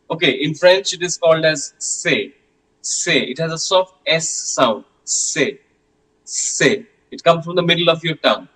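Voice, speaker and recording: A man's voice: on the high side, bright, forceful tone, poor audio. A man teaching a French class, patiently repeating questions and sounds with many hesitations.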